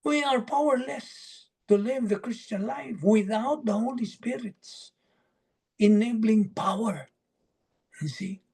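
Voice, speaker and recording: Brief: unhurried Bible teacher on a video call, husky, mellow tone, poses questions and answers them. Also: mid-range voice. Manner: asks and answers own questions, lists verse references. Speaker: Bible study leader. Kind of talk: teaching an online Bible study.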